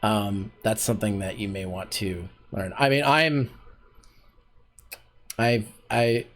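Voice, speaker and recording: A man's voice: fairly low pitch, takes it slowly, fairly bright tone, a little hiss or hum. A Canadian man with a Canadian accent, coaching voice acting in a rambling, chatty stream chat full of fillers. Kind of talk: casual streamed voice acting lesson.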